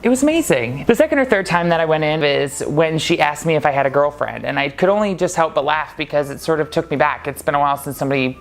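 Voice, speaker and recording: A man's voice: on the high side, lively intonation, fast talker, few pauses. A man casually telling a personal story to camera, chatty and laughing often. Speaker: vlogger.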